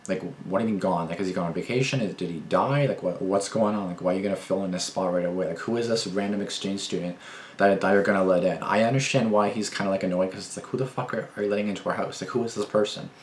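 A man's voice: low-pitched, fast, reverberant, slight background noise. A young man reacting to a video, rambling and repeating himself, swearing heavily and getting indignant. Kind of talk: casual reaction commentary.

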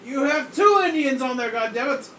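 A woman vlogging while playing a video game at home, joking crudely, often yelling and laughing, her voice strained from yelling. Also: sits high, animated, moderate pace, slight background noise. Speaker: gameplay vlogger. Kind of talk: casual gaming banter.

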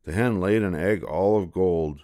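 An older man reads a children's fairy tale aloud at a gentle, unhurried pace. His voice is deep and low. It is recorded on a close mic in a dry, dead-sounding space. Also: dry recording. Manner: slow, gentle, repetitive storytelling. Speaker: storyteller.

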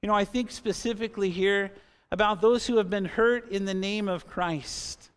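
A man's voice: high-pitched, steady tone, normal speed, clean tone. A man in his fifties preaching a sermon as pastor in a church, earnest and conversational, with asides to the congregation. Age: 50s. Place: church sanctuary.

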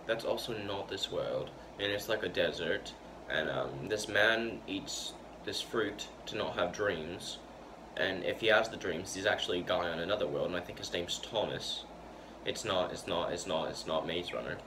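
A man's voice: low voice, moderate pace. Stuttering man chatting to camera. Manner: stutters and repeats words; loose, chatty, full of fillers and restarts. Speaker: vlogger. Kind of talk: casual rambling talk to camera. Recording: noisy background hiss.

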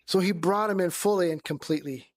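A man's voice: high voice, quick pace. A man giving a conversational Bible study sermon, acting out the voices he quotes. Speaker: Bible teacher.

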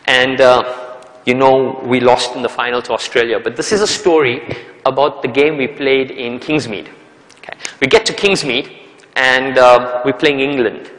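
A man, a performance coach, giving a motivational talk, telling stories and acting out the characters' lines, often asking "okay?" and "right?". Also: medium pitch. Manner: animated storyteller, acts out characters' lines; repeats words for emphasis, asks "okay?" and "right?". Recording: hall reverb.

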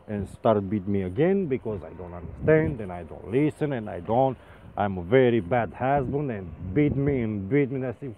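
A man telling a funny story in halting English, full of restarts and comic exaggeration. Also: mid-range voice, animated. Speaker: rope access painter. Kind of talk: casual storytelling vlog. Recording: phone-like sound with faint noise.

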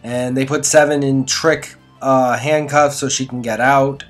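A man's voice: mid-range voice, steady tone, measured pace, soft background music. A man giving a casual, rambling spoken review of a TV episode, recapping scenes with dry, sarcastic asides. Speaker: show reviewer.

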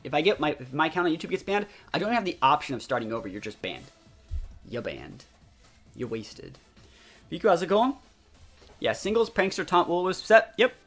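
A young man commentating his own gameplay live, talking to his chat with sudden loud outbursts. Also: fairly high pitch. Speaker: gaming streamer. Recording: faint music behind voice.

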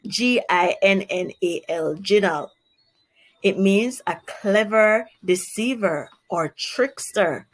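A woman teacher with a Jamaican accent who reads a children's story aloud and then explains words clearly and carefully. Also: mid-range voice, lively intonation, takes it slowly, hardly any pauses. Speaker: primary school teacher. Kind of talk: children's read-aloud and vocabulary lesson.

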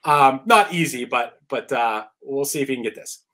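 A man hosting a live trivia podcast event, reading questions and scoring answers with quick restarts. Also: medium pitch. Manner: lively, stumbles and restarts, laughs between answers. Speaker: trivia quiz host.

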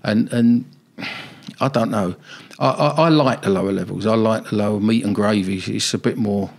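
A man's voice: fairly low pitch, moderate pace, creaky. An older man, a former football manager, telling rambling anecdotes in a casual interview.

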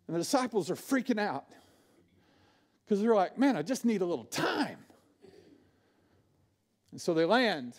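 A male pastor preaching a sermon, swinging from loud bursts to hushed, low asides.

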